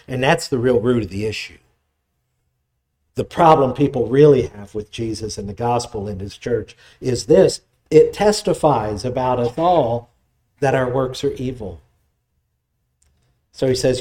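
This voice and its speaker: A man's voice: medium pitch, animated, moderate pace, warm tone. A man preaching an expository sermon in a conversational way, retelling scripture in everyday voices.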